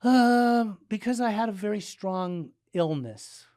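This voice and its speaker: A middle-aged man from Southern California, a guest in a casual interview, telling his story with animated delivery and acting out the dialogue. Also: sits high, slow pace, no room sound, studio quality. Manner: animated, acts out dialogue, frequent "like" and restarts.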